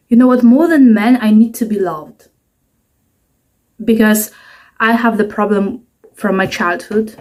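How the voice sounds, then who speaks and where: A woman's voice: medium pitch, unhurried, pauses often, darkish tone. A woman in her twenties chatting to camera in a rambling, self-mocking way, at home at night. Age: 20s. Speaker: vlogger. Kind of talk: casual talking-to-camera vlog.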